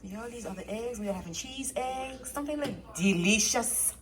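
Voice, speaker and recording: A woman chatting excitedly in a casual cooking vlog, often saying y'all. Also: on the high side, moderate pace, a crowd in the background. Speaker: vlogger. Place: home kitchen with frying food.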